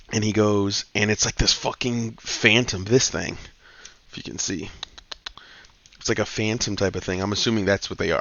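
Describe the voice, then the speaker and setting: Gravelly low-voiced man reviewing comics. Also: no room sound. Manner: slangy, profane, excitable retelling. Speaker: comic book reviewer host. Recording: dull lo-fi dry recording.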